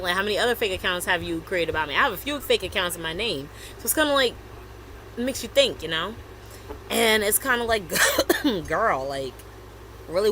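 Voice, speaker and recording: A woman in her thirties co-hosting a podcast, chatting casually and telling a story with animated retellings of messages. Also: mid-range voice, a little hiss or hum, rough recording. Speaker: podcast co-host. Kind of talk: casual chat.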